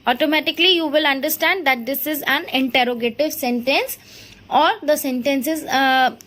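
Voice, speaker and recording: A woman with a high, clear voice teaches grammar. She spells terms letter by letter and keeps asking if things are clear. She mixes Hindi phrases into her explanations. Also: normal speed, fairly bright tone. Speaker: English teacher. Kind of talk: classroom grammar lesson.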